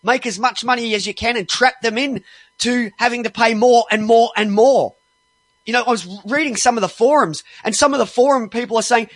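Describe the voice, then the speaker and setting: High-voiced man ranting, dry sound. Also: steady tone, brisk, fairly bright tone, dry recording. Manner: heavily profane, exasperated; restarts and stumbles when worked up. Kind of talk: angry ranting monologue.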